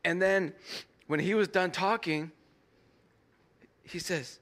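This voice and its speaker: A man preaching as pastor, telling a story animatedly and acting out the dialogue, pausing for an interpreter. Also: sits high, fairly bright tone. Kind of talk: sermon with live interpretation.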